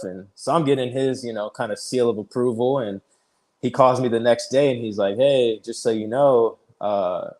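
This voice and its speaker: A man in his thirties, a pitcher guest on an interview show, telling his story casually, peppered with "like" and easy laughs. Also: darkish tone. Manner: chatty, fills speech with "like", retells conversations; laughs easily while telling stories.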